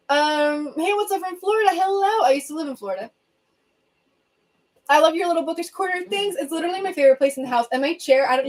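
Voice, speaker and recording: A young woman from Venezuela with a Venezuelan accent, Spanish her first language, talks in a bubbly, chatty way on a casual livestream. Her voice sits fairly high. She speaks into a phone from a reading corner in her home. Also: darkish tone. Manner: bubbly, chatty, quick asides and laughs. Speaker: livestream host.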